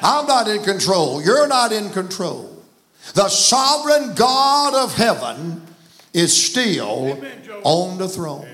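Preaching slowly but with great animation, a Southern-accented guest preacher gives a folksy, forceful sermon from a church sanctuary. He has a high, fairly bright voice.

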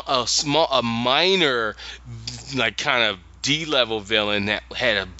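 Rambling male co-host, bright and forceful voice, lively swings, dry lo-fi sound. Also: mid-range voice, dry recording. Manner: rambling, animated, many restarts. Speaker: podcast co-host. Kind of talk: casual story recap.

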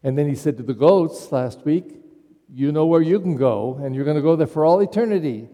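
A man's voice: a little high, animated, brisk, mellow. A man who is a pastor, giving a conversational homily and putting questions to his congregation. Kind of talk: sermon. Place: church. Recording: long church reverb.

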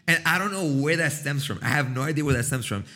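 A young man chatting casually to his viewers, rambling and swearing, often breaking into a loud high-pitched cackle. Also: lively intonation, fast. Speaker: livestream host. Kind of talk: casual chat.

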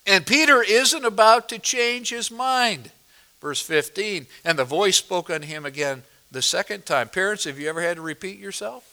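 A pastor preaching a sermon, explaining a passage verse by verse and asking the congregation questions, moving between loud emphasis and quiet asides. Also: male voice, high-pitched, normal speed. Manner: expository, asks the congregation questions.

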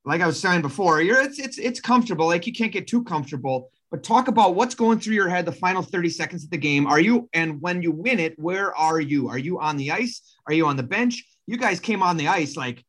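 A man's voice: high-pitched, lively intonation, a little fast, hardly any pauses, a bit bright. A man co-hosting a sports interview, asking long, rambling questions in a chatty way. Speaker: interview co-host.

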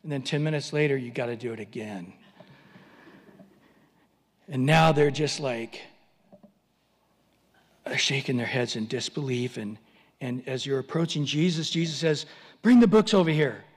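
A man's voice: mid-range voice, measured pace, pauses often, big-room sound. A man preaching a sermon, telling a story animatedly and acting out voices.

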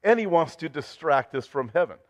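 A pastor with a high-leaning, animated voice preaches a brisk sermon, joking with the congregation and reading scripture aloud with building intensity. The sound is dull, with a long hall reverb.

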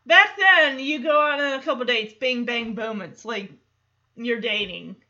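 A woman's voice: fairly high pitch, unhurried, pushed and bright, highs cut off. A woman hosting a podcast, recapping an episode in casual chat and quoting characters in little voices. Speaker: podcast host.

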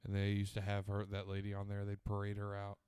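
A man's voice: on the low side, monotone, fast talker, smooth, dry recording, studio quality. A young man co-hosting a podcast, riffing crudely in casual comedic banter. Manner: crude, riffing, puts on loud mock voices. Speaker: podcast co-host.

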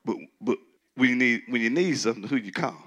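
A man preaching a sermon as pastor, in a loose conversational way, who acts out doubters in a shrill mocking voice. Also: fast, a bit bright. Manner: conversational preaching, mimics skeptics in a high squeal.

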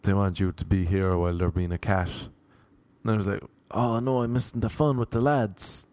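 A man's voice: fairly low pitch, steady tone, normal speed, darkish tone, no room sound. A young Irish man telling a rambling, self-mocking anecdote in casual chat, slipping into voices for the people he quotes. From Ireland. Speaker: storyteller.

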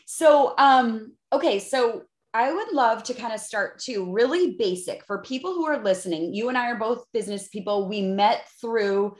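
In an echoey room, this Chicago-accented woman in her fifties hosts a podcast interview with plenty of enthusiasm and laughter. Her pitch is on the high side, and she talks at a normal speed with few pauses.

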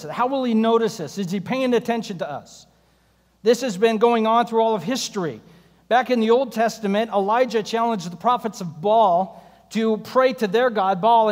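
A male pastor preaching a sermon, telling stories with wry jokes. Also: sits high. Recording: long hall reverb.

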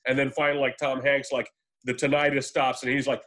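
A man in casual conversation about films, rambling and swearing freely, slipping into quick voices to retell scenes. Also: medium pitch, steady tone, fairly bright tone. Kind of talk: casual movie chat.

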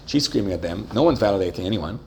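A man's voice: lowish voice, lively intonation, fast talker, gravelly, a little mellow, a little hiss or hum. A man giving a religious lecture to a live group, often asking them questions and checking that they follow. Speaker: religious teacher.

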